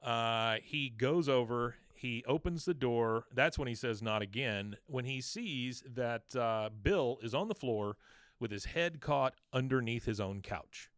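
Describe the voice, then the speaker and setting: A man's voice: mid-range voice, a little slow, a bit bright, smooth, dry recording, clean studio sound. A man hosting a podcast, casually recapping a cartoon episode in a rambling way full of ums. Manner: rambling, lots of um and uh. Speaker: podcast host.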